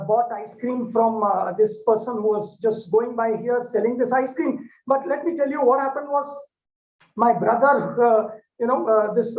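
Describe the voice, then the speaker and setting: A man's voice: very high-pitched, darkish tone. An Indian English-accented man voicing a panting male stranger who warns urgently, hesitating often. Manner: hesitant, full of "uh" pauses. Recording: echoey dull lo-fi hall recording.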